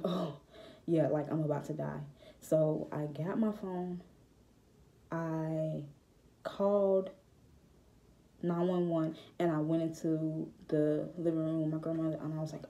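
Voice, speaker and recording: Low, flat, very dark-voiced young woman. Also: a little slow, long pauses. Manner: hesitant, reflective, many fillers. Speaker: vlogger. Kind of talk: personal testimony to camera.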